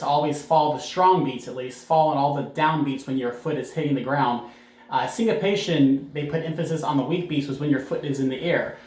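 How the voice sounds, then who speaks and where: A man teaching a recorded band lesson, calmly explaining rhythm and counting beats aloud with plenty of "uh"s. His voice sits a touch high for a man. The room around him is noticeably echoey. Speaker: middle school band teacher.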